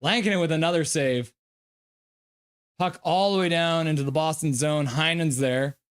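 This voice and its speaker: A man with a somewhat high voice hosts a casual live stream. He reads out viewer comments and calls the plays loosely as they happen. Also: normal speed, smooth. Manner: gives loose play-by-play; coos at his dog. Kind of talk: casual live game reaction and chat reading.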